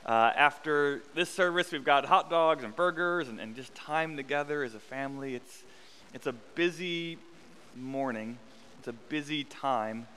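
A man's voice: mid-range voice, measured pace, bright, forceful tone, in a large hall, slight background noise. A man in his thirties preaching a sermon, in a conversational tone with self-deprecating humor, repeating phrases for emphasis. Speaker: pastor. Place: church sanctuary.

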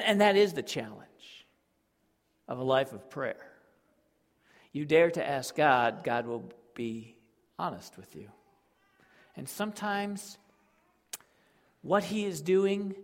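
A male pastor preaching a sermon, emotive, swinging between loud emphasis and quiet, with sighs. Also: medium pitch, long reverb tail.

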